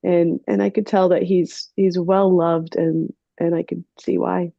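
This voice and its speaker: A woman's voice: fairly low pitch, little pitch movement, measured pace, creaky, no room sound, lo-fi sound. A woman sharing her takeaways in a casual group chat, rambling with many fillers. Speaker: participant.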